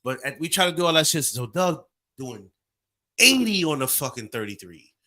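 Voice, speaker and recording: A man in his forties tells a long story on a podcast, acting out the voices and sound effects as he goes. His voice is bright and forceful, and it sits a little high for a man. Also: normal speed. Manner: animated, acts out voices and sounds. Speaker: podcast co-host. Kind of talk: casual storytelling.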